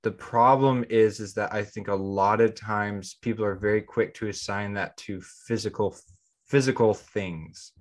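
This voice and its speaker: A man's voice: fairly low pitch, steady tone, moderate pace. A man co-hosting a podcast in casual chat, rambling, leaning on "like" and often restarting his sentences. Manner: rambling, heavy use of "like". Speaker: podcast co-host.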